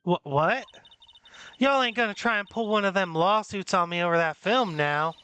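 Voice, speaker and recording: A woman's voice: mid-range voice, moderate pace, fairly bright tone, clean tone, natural voice. Woman doing Lotta Hart, brash Southern drawl. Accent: put-on Southern US drawl. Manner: drawling, folksy, scolding. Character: brash Southern woman photographer, tough and touchy. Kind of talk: fan voice acting of a game.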